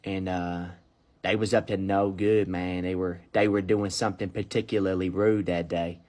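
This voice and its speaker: A laid-back young dude with a lowish voice, rambling a story in loose slang, as a man puts him on. His lines end with "man" and "bro.". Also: flat delivery, normal speed, darkish tone, lightly acted. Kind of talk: comedy sketch monologue.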